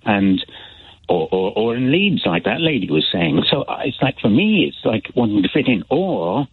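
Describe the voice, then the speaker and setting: Low husky guy, slight belfast accent, phone-in caller, lots of ums, tinny phone line. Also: sing-song, normal speed, no echo. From Northern Ireland. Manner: hesitant, many fillers and restarts. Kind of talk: phone-in chat. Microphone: telephone.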